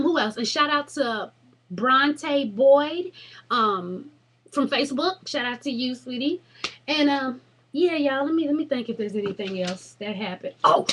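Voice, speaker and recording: Husky-voiced woman ranting through a funny story. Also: mid-range voice. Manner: animated, profane, dramatic storytelling. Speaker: vlogger. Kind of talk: casual storytelling vlog.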